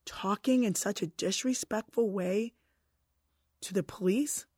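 Stern male judge, questioning, a little lower and quieter than the storyteller's own voice, as a woman recounts him in a story. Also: unhurried, husky, dry recording, studio quality.

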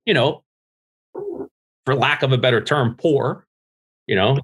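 A man's voice: medium pitch, unhurried, fairly bright tone, husky. A middle-aged man from New Jersey, a podcast guest telling candid, profane stories about growing up and laughing at himself. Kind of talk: casual interview storytelling.

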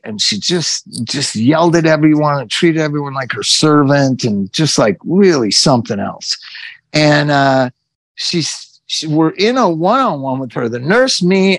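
Animated gravelly man telling stories. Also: a little high, a little slow, no echo. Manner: animated, swearing, acts out quotes. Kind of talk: casual storytelling chat.

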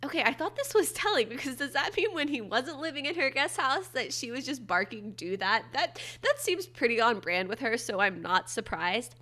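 A woman's voice: high-pitched, big pitch swings, moderate pace, hardly any pauses, sharp tone. A young woman with a nasal voice hosting a casual solo podcast, chatting with wry, upbeat asides. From Florida. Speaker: podcast host.

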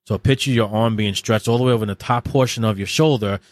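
A man's voice: fairly low pitch, fast talker, no room sound, studio quality. A man as a podcast guest, telling candid stories in a blunt, heavily profane, vivid way. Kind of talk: candid interview storytelling.

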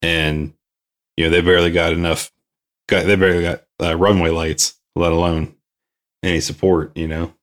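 A man's voice: low voice, level tone, normal speed, fairly bright tone. A man who works in aircraft maintenance, talking casually and thoughtfully with plenty of ums and a dry sense of humor. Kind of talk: casual shop talk.

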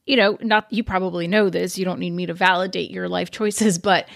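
A woman's voice: fairly low pitch, steady tone, brisk, gravelly, fairly bright tone. A woman interviewer, a supportive and affirming listener. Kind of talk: interview conversation.

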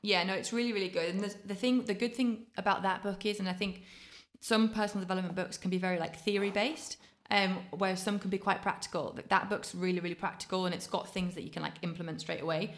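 A woman, a fitness coach giving quick practical advice in casual podcast chat. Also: mid-range voice, steady tone. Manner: fast, practical advice with many fillers.

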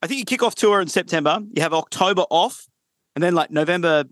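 A man from Australia hosting a podcast interview, friendly and quick to affirm his guest, over a video call. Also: high-pitched, fairly bright tone, no room sound. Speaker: podcast host. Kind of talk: casual interview.

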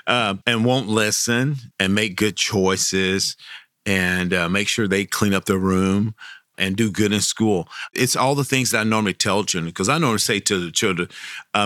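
A middle-aged man from Texas, a professional Santa Claus, tells stories in an interview, animated and quick to laugh. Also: dry recording, clean studio sound. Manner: animated, jumps high when quoting kids, laughs often. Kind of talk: storytelling interview.

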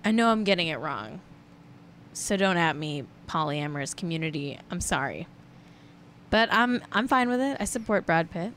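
A woman's voice: lowish voice, expressive, moderate pace, fairly bright tone, a little hiss or hum. A woman hosting a casual celebrity gossip stream, chatty and rambling, breaking into sing-song riffs. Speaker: host.

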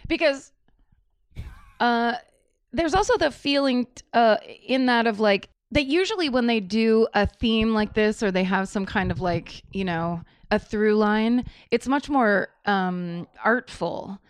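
A woman's voice: fairly high pitch, clean tone, no room sound. A woman comedian, a guest on a podcast, chatting casually in a wry, joking way. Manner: wry, joking, quick to laugh.

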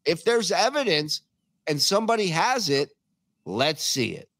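A man's voice: on the high side, big pitch swings, a little slow, a bit bright, no room sound, clean studio sound. A man co-hosting a comedy talk show, mocking and sarcastic, with theatrical complaints. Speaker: podcast co-host. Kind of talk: casual comedy chat.

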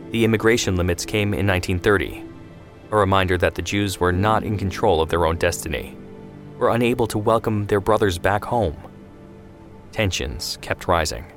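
Measured male storyteller, lower register, soft music underneath. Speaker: narrator. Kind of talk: scripted narration.

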